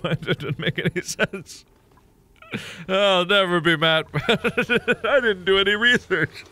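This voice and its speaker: Man, twenties, game commentary, manic and giggly, unhurried, swings from shouts to murmurs. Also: sits high, soft background music. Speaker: gaming video host.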